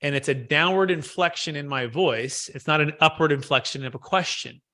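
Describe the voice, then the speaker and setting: A man's voice: on the high side, normal speed, sharp tone. A man leading a live sales training session, coaching trainees and repeating key phrases.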